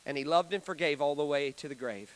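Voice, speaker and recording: A man preaching a storytelling sermon, talking to the audience in a conversational way with dramatic swings between loud and soft. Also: on the high side, fast. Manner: conversational, asks the audience questions.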